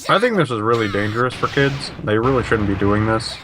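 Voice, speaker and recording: A man's voice: medium pitch, animated, a little fast, noisy background. A man co-commenting on video game matches, hesitant with lots of fillers and dry joking asides.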